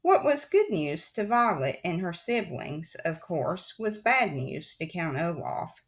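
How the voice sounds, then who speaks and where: Reading a children's novel aloud for an audiobook, a woman with a lowish voice speaks slowly and with great animation. Her tone is wry and confiding, and she often addresses the listener directly.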